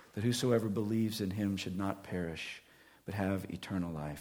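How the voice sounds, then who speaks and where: A male pastor delivering a sermon, earnest and emphatic at times, dropping to a hushed whisper at others. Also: fairly low pitch.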